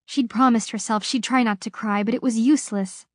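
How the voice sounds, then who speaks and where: A woman narrating an audiobook in a measured, expressive reading. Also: a little high, dry recording, studio quality.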